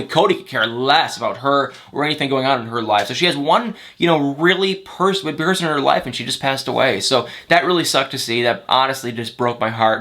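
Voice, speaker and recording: A man who hosts a celebrity gossip channel, recapping a reality show in a chatty, exasperated, animated way. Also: medium pitch.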